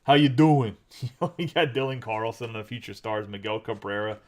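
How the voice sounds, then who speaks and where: A man hosting a live card break, chatting casually and rattling off names quickly. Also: on the low side, fairly bright tone.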